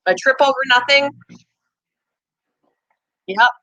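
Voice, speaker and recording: A woman's voice: high voice, slow, bright, forceful tone, no room sound, poor audio. Lady chatting on her webcam, laughs at herself a lot, dry close sound. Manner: chatty, self-mocking, laughs often. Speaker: channel host chatting with live viewers. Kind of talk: casual chat.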